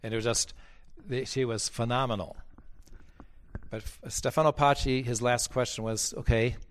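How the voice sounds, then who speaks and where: A man's voice: mid-range voice, fairly even intonation, normal speed. A man speaking as a bishop, telling stories in a blunt, emphatic preaching talk that repeats its points.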